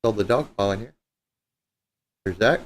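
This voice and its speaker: Casually chatting and joking on his live guitar stream, a man speaks at normal speed in a fairly low voice, tossing in the occasional profane aside. He uses a streaming setup mic.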